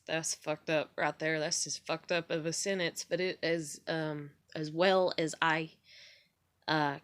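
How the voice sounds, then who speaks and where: Woman, 30s, low-pitched, candid rambling storyteller with casual cursing. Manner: candid, swears casually, acts out quotes. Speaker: vlogger.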